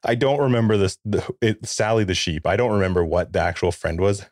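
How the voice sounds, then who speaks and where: Deep-voiced dad telling a story. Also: male voice, fairly quick, dry recording, clean studio sound. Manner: animated storyteller, acts out quotes. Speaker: podcast co-host. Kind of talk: casual chat.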